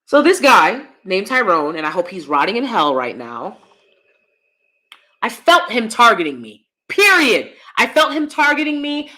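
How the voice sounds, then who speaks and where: A woman vlogger in a personal rant who is blunt and heavy on profanity. Her voice is bright and forceful, and she hits her points hard. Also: medium pitch. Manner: calls herself loud.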